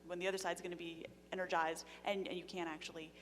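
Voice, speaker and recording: A woman's voice: on the low side, little pitch movement, quick pace. A woman in the audience at a lecture, asking an earnest, long, rambling question. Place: lecture hall. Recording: long hall reverb, faint hum.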